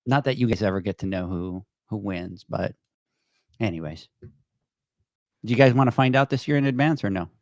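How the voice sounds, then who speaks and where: A man hosting a podcast, chatting in a relaxed way about upcoming voting and handing off to the sponsors. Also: lowish voice, normal speed, pauses often, no echo. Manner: relaxed, chatty, many restarts. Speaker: podcast host. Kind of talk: casual podcast chat.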